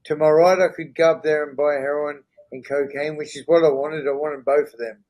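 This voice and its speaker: A middle-aged man speaks as a podcast guest, his voice sitting a bit higher than most men's. He tells his story in a candid, earnest way, and he often pauses to check in with the listener. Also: steady tone, a little mellow, rough recording. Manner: earnest, checks in with "right?" and "you know?".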